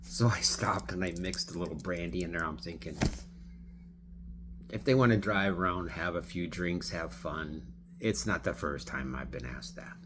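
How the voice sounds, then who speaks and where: A man who drives for a ride app telling a story in a rambling, casual way, often clearing his throat. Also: low voice, moderate pace, background noise. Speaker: rideshare driver.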